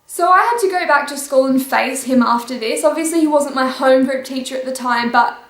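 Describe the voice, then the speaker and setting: A woman vlogger chatting through a storytime in a lively, animated way, with a laugh now and then. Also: high voice, a little fast, hardly any pauses, echoey room. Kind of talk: casual storytime.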